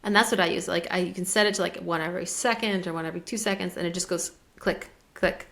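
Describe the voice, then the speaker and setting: A woman's voice: on the low side, fairly even intonation, quick pace, vocal fry, fairly bright tone. A woman co-hosting a podcast in casual chat, telling rambling stories and acting out the other people's lines, with lots of "like". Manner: rambling storyteller, acts out dialogue, frequent "like". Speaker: podcast co-host. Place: lives in German-speaking Switzerland.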